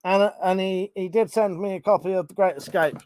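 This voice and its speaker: A man's voice: high voice, fairly even intonation, fairly quick, darkish tone, clear, resonant tone, dry recording. A man chatting casually on a live stream, reading out chat messages and swearing freely.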